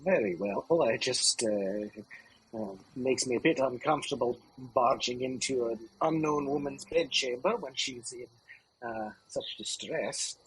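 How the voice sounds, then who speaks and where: A man's voice: medium pitch, a little slow, husky, poor audio. A man playing a tabletop game who talks hesitantly and stammers, with formal wording. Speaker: player.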